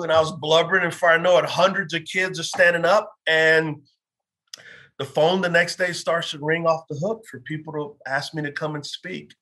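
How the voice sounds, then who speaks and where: A bright, forceful man's voice, pitched a little high, tells his own story with earnest conviction. He is a pastor in his fifties, speaking in an interview and slipping into quoted dialogue as he goes. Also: fairly even intonation, moderate pace. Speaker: pastor and former pro football player. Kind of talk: personal faith testimony in an interview.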